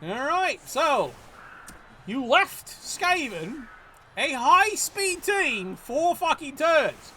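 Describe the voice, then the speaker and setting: A man commentates on a game live in a very high, bright voice. He swears often and sounds exasperated as he scolds the players' choices. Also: sing-song, extremely slow, slight background noise.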